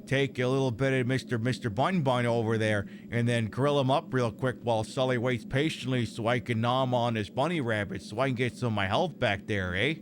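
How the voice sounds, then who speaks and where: A man voicing a rambling, friendly Canadian man with a put-on Canadian accent, drawling and halting. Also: mid-range voice, voice pushed down, close to an everyday voice. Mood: folksy. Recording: noisy ambience behind.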